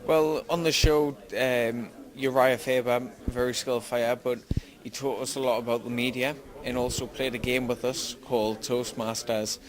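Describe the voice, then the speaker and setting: A young man with a Geordie accent from Newcastle, speaking slowly and carefully in an interview. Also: mid-range voice, flat delivery. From Newcastle, England. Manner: slow, careful speech, tries to sound articulate. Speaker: fighter. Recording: crowd noise behind.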